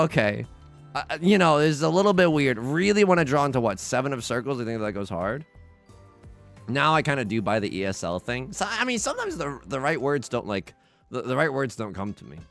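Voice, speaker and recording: Brief: young male streamer, first language Mandarin, casual rambling game commentary, animated and gravelly. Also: medium pitch. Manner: rambling, self-deprecating, chatting with viewers. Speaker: livestreamer playing online mahjong.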